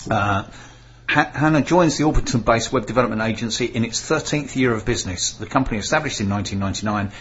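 A man's voice: medium pitch, fast, fairly bright tone, dull audio, a little hiss or hum. A man hosting a casual local radio talk show, reading out notices with frequent fillers. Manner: chatty, reads notices aloud with fillers and stumbles.

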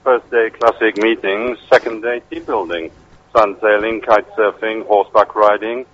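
A man, a hotel general manager and guest, pitching his business with some hesitation. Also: fairly even intonation, moderate pace, fairly bright tone, muffled recording. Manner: hesitant, salesy, listing offers. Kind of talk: interview answers.

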